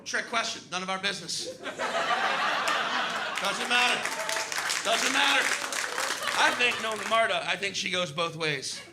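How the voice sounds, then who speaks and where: A man doing a stand-up comedy set on a club stage, profane and animated, acting out characters. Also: sits high, brisk, hardly any pauses, a loud crowd, heavy background noise.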